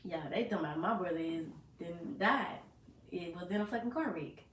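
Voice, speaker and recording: A woman's voice: on the low side, a little fast, a little hiss or hum. A young woman from Arkansas, casually and animatedly retelling a painful story to her co-host and acting out what people said. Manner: animated retelling, acts out quoted voices, swears freely. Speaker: podcast co-host. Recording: roomy echo.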